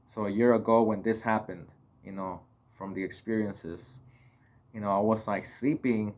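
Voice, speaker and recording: A man's voice: fairly low pitch, steady tone, moderate pace, a little mellow. A young man from Mexico casually telling a personal story on his vlog, rambling and full of filler words. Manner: rambling, heavy on "you know" and "like" fillers. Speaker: vlogger.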